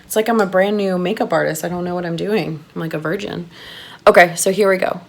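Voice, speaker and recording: A woman giving a chatty makeup tutorial, gushing and excitable as she talks to her viewers. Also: on the low side, brisk, creaky. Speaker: makeup artist doing a tutorial.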